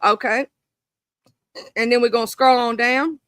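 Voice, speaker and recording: A woman with a bright, sharp voice chats casually on a live stream, reading a list and then firing off indignant asides. Her delivery sits a bit high, and the sound is close and dry, with no room around it. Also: steady tone, a little slow, smooth, no echo. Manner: reads a list aloud, then breaks into indignant swearing asides to her viewers.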